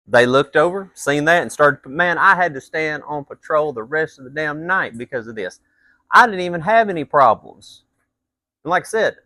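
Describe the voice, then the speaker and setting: Man, vlog rant, profane and blunt, bright edgy voice, dry close sound. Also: medium pitch, dry recording. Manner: animated, blunt and profane, rising to heated outbursts. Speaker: vlogger. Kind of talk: storytelling rant.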